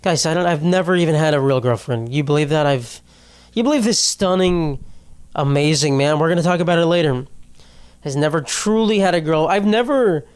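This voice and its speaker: A man's voice: fairly high pitch, expressive, fairly quick, clear, resonant tone. A young man hosting a podcast, talking casually in a rambling, self-deprecating way, swearing often and laughing mid-sentence. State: tearful after a loss. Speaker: podcast host. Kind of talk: casual solo podcast monologue.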